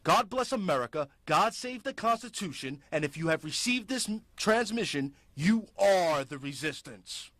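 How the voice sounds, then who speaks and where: A man's voice: sits high, lively intonation, normal speed, hardly any pauses, a bit bright, dry recording. Fiery ranting man, public access host. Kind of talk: impassioned political commentary.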